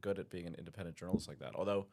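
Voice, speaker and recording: A man hosting a casual podcast, asking questions and teasing his guest in a relaxed way. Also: low-pitched, very fast, vocal fry. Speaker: podcast host.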